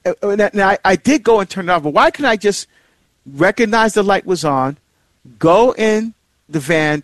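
A middle-aged man with a somewhat high voice, heard in a dry, close recording with no room sound. He hosts a marriage series and tells a personal story in a loose, rambling way. His talk is full of fillers and restarts, and his pitch leaps up sharply when he stresses a point. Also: dry recording.

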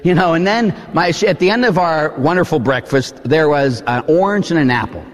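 A man, a Catholic priest, telling a story in a sermon, swinging between hushed asides and excited exclamations. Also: a little high, brisk, long reverb tail.

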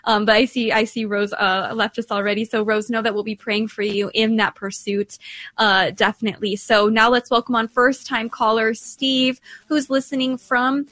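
A woman co-hosting a radio call-in show, upbeat and brisk as she introduces callers. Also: on the high side, flat delivery, fairly bright tone, dry recording. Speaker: radio co-host. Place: radio studio.

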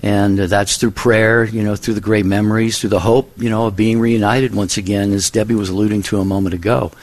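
A man co-hosting a faith-based call-in radio show, calm and consoling, often saying "you know". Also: fairly low pitch, a little fast, no echo.

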